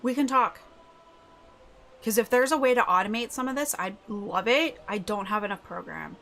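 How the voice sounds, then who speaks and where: A young woman streaming a video game live, chatting with viewers and yelling excitedly at the game. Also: mid-range voice, moderate pace, gravelly.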